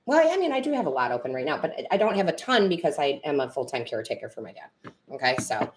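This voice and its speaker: A woman's voice: sits low, very animated, quick pace, slight background noise. A woman tarot reader and medium chatting with viewers on a live stream, rambling and correcting herself, teary and emotional.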